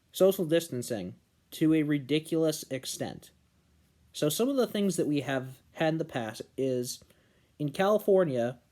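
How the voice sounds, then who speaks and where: A young man from New Hampshire giving an earnest political commentary monologue, slowing down and stressing key words. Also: on the high side, a little mellow. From New Hampshire, USA. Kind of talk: casual opinion monologue.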